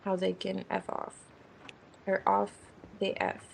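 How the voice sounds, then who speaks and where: A woman talks through a tarot spread in a loose, chatty way, naming cards as she turns them and musing out loud. Her voice has a gravelly fry, and her speech stays informal and slangy. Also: mid-range voice, completely flat delivery, takes it slowly, a little hiss or hum, low-quality recording. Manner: rambling, thinking aloud while naming cards. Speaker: tarot reader. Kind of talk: casual tarot reading.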